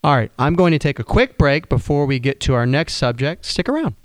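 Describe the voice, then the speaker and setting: A man's voice: mid-range voice, a little fast. A man hosting a radio advice show, talking casually in a folksy, conversational way with frequent restarts. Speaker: radio show host, financial planner.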